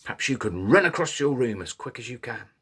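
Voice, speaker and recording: A man telling a children's story in an animated way, inviting little listeners to join in. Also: mid-range voice, a little fast, breathy edge. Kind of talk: interactive children's story reading.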